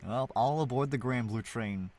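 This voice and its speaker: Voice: medium pitch, moderate pace, darkish tone. A streamer reading a fantasy game story aloud live, reacting with frequent laughter and emotion.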